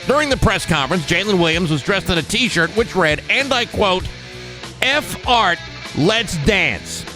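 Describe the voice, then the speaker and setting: A man's voice: sits high, lively intonation, measured pace, music in the background. A man hosting a morning radio show, wry and mock-formal in his delivery. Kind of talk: casual radio banter and mock-pompous sports commentary. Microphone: studio microphone.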